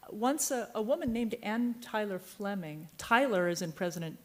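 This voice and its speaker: A Virginia novelist speaks on a book fair panel in an animated, mid-range voice at normal speed. She rambles through a lengthy, wandering anecdote and trails off mid-sentence.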